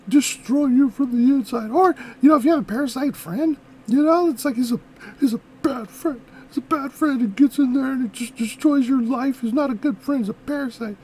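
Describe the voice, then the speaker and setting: A high-pitched reactor chats loosely to the camera and keeps breaking off into asides and self-corrections. The voice sounds slightly off, still mending after being sick. A faint hiss sits under the talk. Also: rough recording. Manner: rambling, excitable, talks to viewers directly. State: voice a little off from recent illness. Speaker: music video reactor. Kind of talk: casual reaction commentary.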